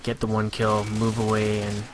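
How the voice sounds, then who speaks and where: A man giving a relaxed, analytical voice-over on his own competitive match, filling pauses with "you know". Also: lowish voice. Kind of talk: gameplay commentary voice-over.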